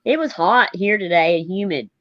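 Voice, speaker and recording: A woman's voice: fairly low pitch, lively intonation, normal speed, dry recording, lo-fi sound. A woman from Oklahoma co-hosting a casual live-stream chat, teasing and laughing often.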